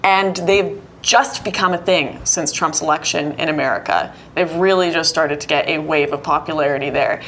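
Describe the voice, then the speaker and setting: Earnest woman with a low voice. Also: normal speed, fairly bright tone, slight background noise. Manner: earnest, worried. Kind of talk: casual recounting.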